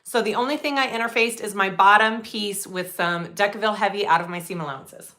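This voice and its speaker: Bright, chatty woman hosting a sewing stream. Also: medium pitch, brisk. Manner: chatty, upbeat, greets viewers. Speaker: sewing livestream host. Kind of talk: casual live sewing tutorial.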